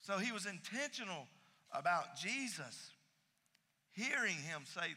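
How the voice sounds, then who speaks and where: A man preaching a sermon, emphatic, repeating key phrases and swinging between loud and soft. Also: high-pitched, very animated, unhurried, pauses often, long reverb tail. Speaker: pastor.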